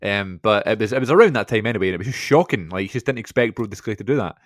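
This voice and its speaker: A man's voice: fairly low pitch, lively intonation, rapid-fire, no echo. Chatty Scottish man, dry close sound. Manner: chatty, laughs often, reads out match lists. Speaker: podcast co-host. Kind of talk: casual podcast chat.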